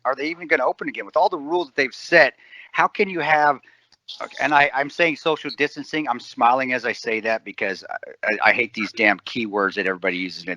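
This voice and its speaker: Emphatic, sharp-voiced man in his forties. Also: mid-range voice, no room sound, poor audio. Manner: emphatic and sarcastic, swears freely. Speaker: podcast co-host. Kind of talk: casual chat.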